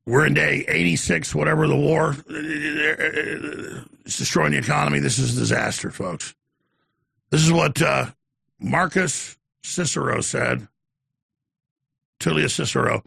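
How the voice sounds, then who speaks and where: A male talk radio host who presses his callers bluntly and mocks them. His voice is deeply gravelly and husky, and it swings widely in pitch. He is recorded dry and close to the mic. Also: measured pace, bright, forceful tone, no echo. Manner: blunt, intense, mocking.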